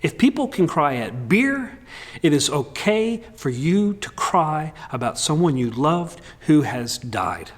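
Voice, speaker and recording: Candid, joking male pastor, slightly high voice. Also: slow. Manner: candid and humorous, with lively swings in delivery. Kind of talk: sermon.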